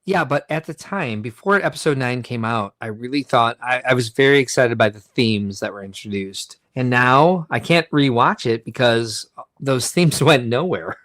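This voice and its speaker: A man's voice: medium pitch, normal speed, fairly bright tone, no echo. Playful opinionated man, dry sound. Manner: playful, opinionated, acts out quoted exchanges. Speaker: podcast co-host. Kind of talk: casual chat.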